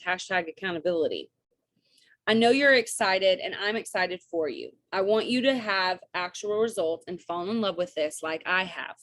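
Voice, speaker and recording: A young woman coaching her team on a video call, chatty and upbeat, with quick asides and bits of quoted dialogue. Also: medium pitch, dry recording.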